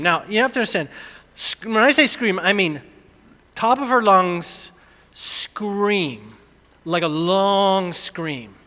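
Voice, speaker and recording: A middle-aged man preaching a sermon, telling a family story with lively, animated delivery and acted-out screams. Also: high-pitched, big-room sound. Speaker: pastor.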